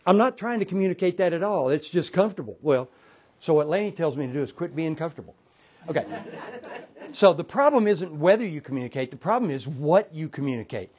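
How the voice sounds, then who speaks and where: A man's voice: a little high, lively intonation, fast, darkish tone, breathy edge. A man teaching an informal Bible class to a group, talking in a loose, conversational way with many restarts and asides.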